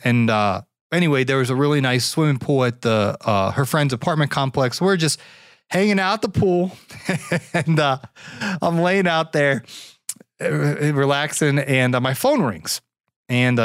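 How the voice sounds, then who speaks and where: A man's voice: medium pitch, no echo, clean studio sound. A man hosting a podcast, telling a story in a casual, reflective way, full of fillers and restarts. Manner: reflective, grateful. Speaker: podcast host.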